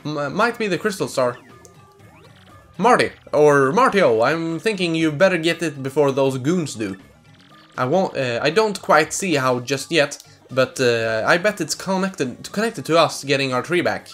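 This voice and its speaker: A grumbling, bossy old elder woman from a video game, as a Swedish man voices her in English. She scolds and fusses in a raised, higher voice. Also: animated, unhurried, fairly bright tone, soft background music. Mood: explaining. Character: cranky old female bug-like tree elder. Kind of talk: reading game dialogue aloud in voices.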